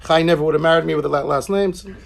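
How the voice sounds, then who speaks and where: Male Talmud teacher, high voice, chatty lecture style, plenty of restarts and asides. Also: fast talker, vocal fry, a little hiss or hum. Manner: conversational, joking asides, repeats and restarts.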